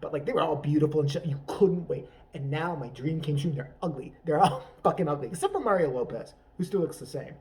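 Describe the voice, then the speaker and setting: A man's voice: fairly high pitch, fairly quick, distant mic. A man riffing through an improvised, profane comedy rant, rambling and laughing at his own jokes. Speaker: comedy vlogger.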